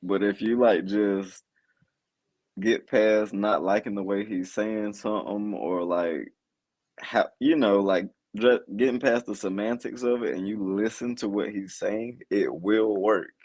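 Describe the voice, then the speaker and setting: A man with a low, gravelly voice chats as a podcast guest. He rambles and restarts often, filling gaps with fillers. His voice sounds dry and close, with little room sound. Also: unhurried, darkish tone, no echo. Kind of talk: casual podcast chat.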